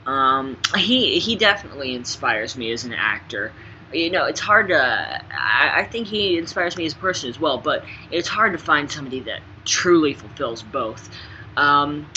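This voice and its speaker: A young man answering fun interview questions in a playful, jokey way, swinging between quiet asides and loud bursts. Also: on the high side. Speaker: interviewee, actor. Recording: slightly dull sound with faint background noise.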